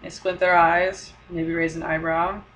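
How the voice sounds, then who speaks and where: A woman's voice: lowish voice, little pitch movement, a little slow, fairly bright tone. A young woman talking casually to the camera in a chatty way, with frequent fillers and light laughter. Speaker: vlogger living abroad.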